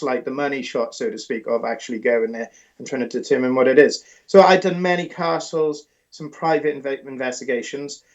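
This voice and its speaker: British male author-investigator, mid-pitched, animated storyteller, muffled recording. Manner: animated, rambling with restarts. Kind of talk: interview storytelling.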